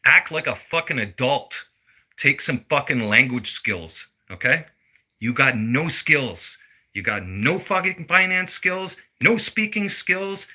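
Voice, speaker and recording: Sharp-voiced man ranting. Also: mid-range voice, big pitch swings, slow pace. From Canada. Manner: blunt, heated, heavy swearing. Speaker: vlogger. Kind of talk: profane political rant.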